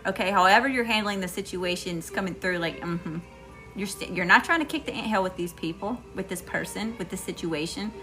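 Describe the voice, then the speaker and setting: A woman's voice: medium pitch, bright, forceful tone. A middle-aged woman with a Southern US accent, giving an emphatic live tarot reading straight to her viewers. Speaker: tarot reader.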